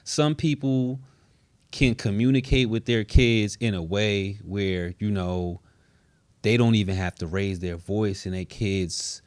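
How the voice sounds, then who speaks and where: Animated man telling stories, dry close mic. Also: measured pace, dry recording. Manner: animated storyteller, acts out quotes with big pitch swings. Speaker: podcast host. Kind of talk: casual chat.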